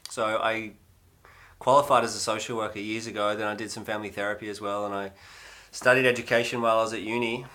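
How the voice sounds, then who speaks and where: Chatty Australian man, low and bright. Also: fairly even intonation, fast. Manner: rambling and chatty, with many fillers. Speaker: livestream host. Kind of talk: casual livestream chat.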